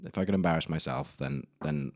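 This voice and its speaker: A man's voice: rumbling low, fairly quick, no echo, studio quality. A young man hosting a solo podcast, telling embarrassing stories in a rambling, self-deprecating way with casual swearing. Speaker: podcast host. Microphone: camera mic in a room.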